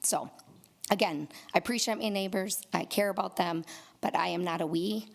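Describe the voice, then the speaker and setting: A woman's voice: on the low side, normal speed, vocal fry. A woman resident who is losing her voice gives earnest public comment at a council meeting, with many fillers. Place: council chamber.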